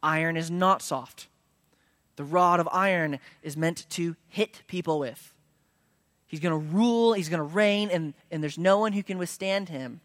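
A man preaching a sermon, moving between casual asides and loud, emphatic declarations, at times dropping to a hush. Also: on the high side, unhurried, dry recording, studio quality. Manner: conversational preaching that swings from hushed to loud and emphatic. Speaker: pastor.

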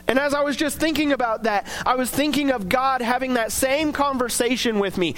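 High-voiced earnest young preacher man. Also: fairly quick, few pauses, a bit bright. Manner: earnest, conversational preaching with acted quotes. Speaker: pastor. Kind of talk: sermon.

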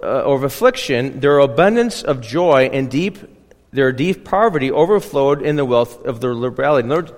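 A man's voice: medium pitch, in a large hall. A man preaching a conversational sermon as a pastor, often checking in with the congregation. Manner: chatty, keeps checking in with the congregation. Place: church.

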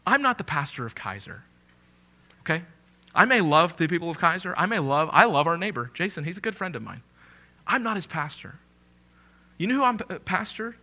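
A man preaching a live sermon as a pastor in a church, joking with the congregation and repeating key phrases slowly for emphasis. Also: sits high, bright, forceful tone.

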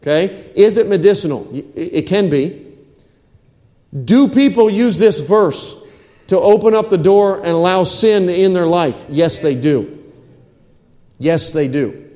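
A man's voice: sits high, animated, unhurried, pauses often, dark tone, big-room sound. A man preaching a sermon, asking his congregation questions and repeating phrases for emphasis. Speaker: pastor. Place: church.

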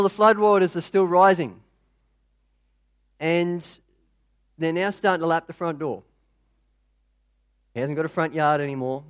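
High-voiced man telling a story. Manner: relaxed, conversational. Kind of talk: storytelling in a sermon.

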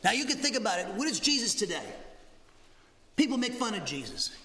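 A male pastor from New teaching a Bible lesson, animated and conversational, with jokey asides and frequent "okay?". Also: extremely high pitch, brisk, slight background noise. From Massachusetts, USA. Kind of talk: expository Bible teaching sermon. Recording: roomy hall reverb.

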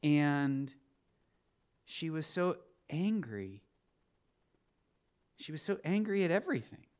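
Slow, lively-pitched male pastor preaching. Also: clean tone. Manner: builds from quiet storytelling to loud emphatic preaching. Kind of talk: sermon.

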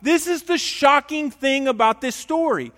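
A male pastor preaching a sermon, emphatic and animated, asking the congregation questions in a church. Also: extremely high pitch, a little slow, big-room sound, soft background music.

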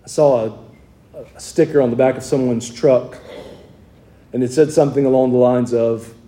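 A man's voice: medium pitch, fairly even intonation, moderate pace, dark tone. A man with a Southern US accent preaching a sermon in a conversational way, asking his congregation rhetorical questions. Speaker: pastor.

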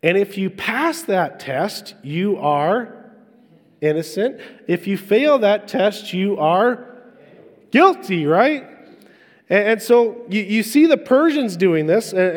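A man preaching a sermon in a conversational way, asking the congregation questions. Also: sits high. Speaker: pastor. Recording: echoey hall.

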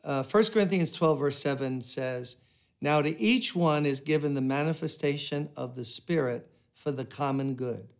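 A man's voice: on the high side, normal speed. An older man preaching a sermon, earnest and emphatic, breaking into prayer now and then. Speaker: pastor.

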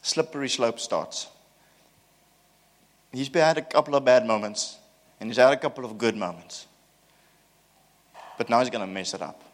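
A man preaching a sermon, telling the story in an animated way with self-mocking humor. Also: mid-range voice, moderate pace, long pauses.

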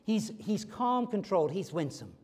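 A man preaching a sermon as pastor, animated and acting out quoted voices. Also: sits high, moderate pace, slightly rough. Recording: long hall reverb.

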